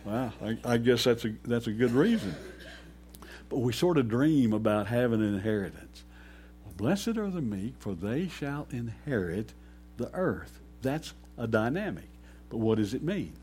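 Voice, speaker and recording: A man preaching a sermon slowly and emphatically, pausing often and rising to sudden loud peaks. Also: fairly low pitch, slightly rough. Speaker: pastor.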